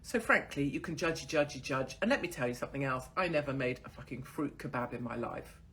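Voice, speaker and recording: A woman's voice: a bass voice, quick pace, a bit bright, slight background noise. A woman in her forties hosting her own online show, talking in a crude, sardonic and mocking way and swearing freely. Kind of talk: casual ranting monologue to camera.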